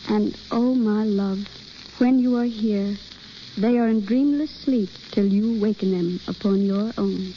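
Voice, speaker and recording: A woman's voice: mid-range voice, unhurried, close to an everyday voice. An actress in a 1930s radio drama playing a shy young woman taking acting lessons, earnest and a little hesitant. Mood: romantic recitation. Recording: dull old radio broadcast with faint hiss.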